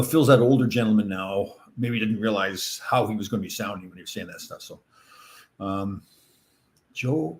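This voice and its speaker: Chatty middle-aged man host, low voice. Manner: rambling, laughs often, many fillers. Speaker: podcast host. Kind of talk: casual podcast chat.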